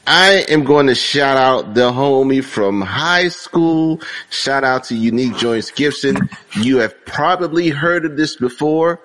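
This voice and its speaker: A man's voice: medium pitch, fairly bright tone. A man co-hosting a casual podcast, joking loosely and reading product names aloud. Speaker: podcast co-host.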